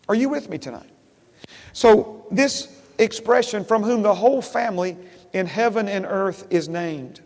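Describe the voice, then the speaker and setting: A pastor preaches to his congregation in a church sanctuary, repeating phrases and putting questions to them. His voice sits high with a darkish tone, trailed by long reverb.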